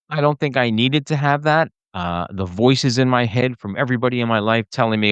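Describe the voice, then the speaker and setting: Speaking at normal speed in a smooth mid-range voice, a man hosting a podcast gives an animated, casual solo rant to camera, full of fillers and restarts. There's no echo on the sound.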